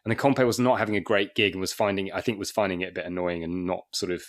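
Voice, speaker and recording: A man's voice: low voice, fairly even intonation, rapid-fire. A man in his forties from Wakefield in England, a comedian telling rambling anecdotes in a casual podcast chat, with frequent restarts and chuckles. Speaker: guest comedian.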